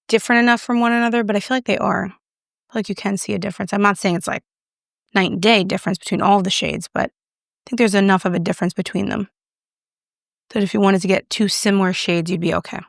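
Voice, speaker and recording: Young woman, beauty vlogger, gravelly voice, dry close sound, chatty and self-deprecating. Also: mid-range voice, steady tone, fast talker, no echo. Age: young adult. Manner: chatty, self-deprecating, talks while applying makeup. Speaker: beauty YouTuber. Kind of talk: casual makeup review and demo.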